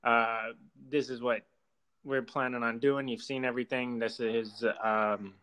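A man's voice: medium pitch, level tone, a little slow, a bit bright, smooth, poor audio. A young man rambles through a story in loose, casual podcast chat. He swears freely and leans on fillers as he talks. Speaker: storyteller guest.

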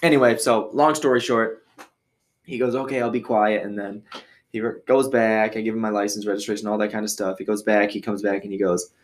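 Male podcast host from Michigan, lowish voice, loose rambling anecdote delivery. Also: fairly even intonation, a little fast. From Michigan, USA. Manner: rambling, with many fillers and restarts; acts out others' voices when quoting. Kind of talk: casual storytelling.

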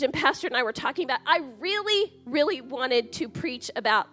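A woman in her forties preaching a sermon in a church, lively, chatty and joking as she talks. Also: high voice, fairly quick, few pauses, soft background music. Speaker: pastor.

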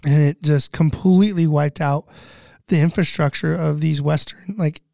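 Here a disaster relief cook in his thirties, on as a guest, chats casually about relief work, wandering off track, swearing, and leaning on "you know" constantly. He speaks at a normal speed with fairly even intonation, a slightly high pitch, vocal fry, and a dark tone. Sound is clean studio quality without any room sound.

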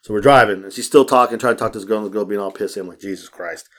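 A man hosting a casual podcast, telling stories in an animated way, acting out the voices of people he quotes and swearing freely. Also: lowish voice, very fast. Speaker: podcast host. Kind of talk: casual storytelling chat.

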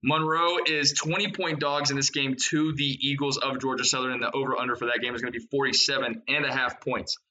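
A young man hosting a sports betting podcast, rattling off picks and odds in a fast, excited way. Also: mid-range voice, slight background noise, rough recording. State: out of breath. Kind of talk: energetic podcast chat.

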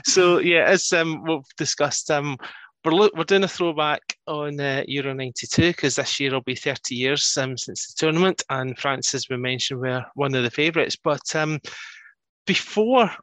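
A man's voice: on the high side, normal speed, fairly bright tone, no room sound. A Scottish man hosting a podcast interview, chatty and self-deprecating, with plenty of ums. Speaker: podcast host. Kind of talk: casual interview.

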